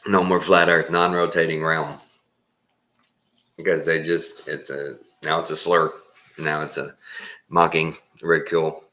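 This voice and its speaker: Texan man, very deep voice with a bright, pushy edge, casual rambling host who chuckles a lot. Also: level tone, unhurried, long pauses, a little hiss or hum. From Texas. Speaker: channel host. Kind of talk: casual monologue.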